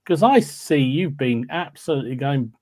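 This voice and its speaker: A man's voice: medium pitch, animated, normal speed, dark tone, dry recording. A man hosting a casual hobby podcast stream, greeting viewers by name and laughing often, with a cold. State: has a cold. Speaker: podcast host. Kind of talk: casual livestream chat.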